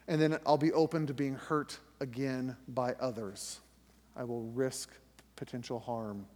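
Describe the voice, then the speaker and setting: A middle-aged man speaking in a fairly high voice, telling a personal story on a faith podcast. He talks conversationally and often restarts his sentences. A long reverb trails each phrase. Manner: conversational storytelling with restarts, rising tension when reliving the scare. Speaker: podcast host.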